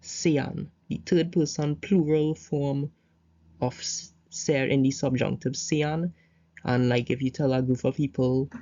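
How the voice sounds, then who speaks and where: Brief: male tutor, mellow dark voice, loose rambling explanations, lo-fi dull recording. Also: on the high side, fairly even intonation, slow. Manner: loose, repetitive explaining with fillers. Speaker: Spanish tutor. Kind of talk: casual recorded grammar lesson over slides.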